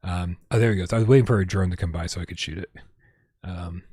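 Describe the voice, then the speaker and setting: A man's voice: sits low, fast, dark tone, breathy edge, no echo, clean studio sound. A man hosting a casual gaming livestream at home, rambling and reading out viewer tips with lots of restarts. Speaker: livestream host.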